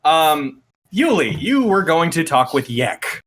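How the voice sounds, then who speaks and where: A man narrates as game master for a tabletop game, chuckling between lines. He talks slowly with a lively, bright voice. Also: on the high side. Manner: chuckling, with fillers.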